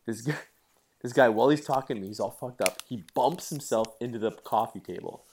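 A middle-aged man in casual chat, telling animated stories with swearing and laughter. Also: medium pitch, brisk, slight background noise.

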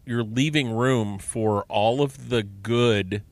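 A man's voice: medium pitch, takes it slowly, no room sound. A middle-aged man co-hosting a podcast, chatting casually and enthusiastically and asking lots of questions. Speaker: podcast co-host. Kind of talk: casual chat.

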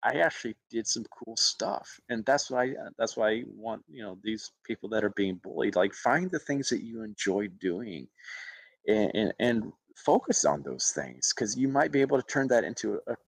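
A man from Alabama tells stories with a lively, swooping voice that sits fairly low. He laughs often and slips into other people's voices. The sound is close and dry. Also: normal speed, gravelly, slightly rough, no echo. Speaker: actor and interview guest. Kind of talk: casual storytelling interview.

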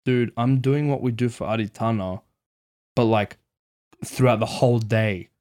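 A man's voice: mid-range voice, moderate pace, darkish tone, clean tone. A young man telling his mates a story in casual chat, swearing a lot and acting out his own panicked thoughts. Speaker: podcast host.

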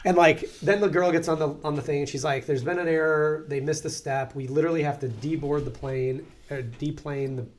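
A man's voice: fairly high pitch, fairly quick, hardly any pauses. Guy telling a crazy story on a podcast, swears a lot, does voices. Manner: animated, profane, acts out voices loudly. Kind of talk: casual storytelling chat.

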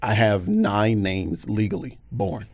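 This podcast guest, a man with a lowish voice, speaks slowly in a clean studio recording with no echo. He's an animated storyteller in casual chat, acting out the quoted voices in his stories.

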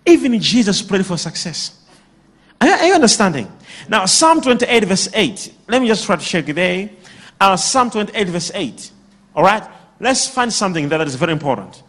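A man preaching a sermon to a congregation, drawing replies from the crowd and breaking into shouts and laughter. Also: high-pitched. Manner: animated, bursts into shouts and laughter. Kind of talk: sermon with call-and-response.

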